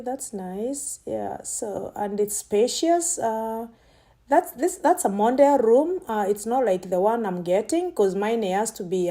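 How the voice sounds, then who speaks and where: Chatty woman with a mellow, higher voice. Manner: chatty, thinks aloud, frequent exclamations of delight. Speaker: vlogger. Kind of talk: casual running commentary.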